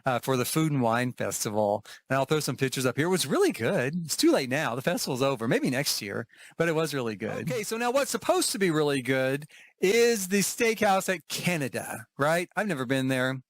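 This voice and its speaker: A chatty man from Oklahoma talks to camera for his travel vlog. He rambles through asides and restarts in a fairly high voice. The recording is dry, with no room echo. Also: big pitch swings, brisk. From Oklahoma, USA. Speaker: travel vlogger. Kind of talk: casual talking-to-camera travel review.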